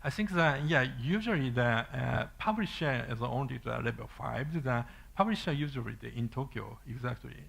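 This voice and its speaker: Japanese accent guy presenting, lots of uhs, raspy gravelly voice. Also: medium pitch, moderate pace, few pauses, fairly bright tone. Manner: hesitant, many fillers and restarts. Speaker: conference speaker. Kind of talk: halting conference talk with Q&A.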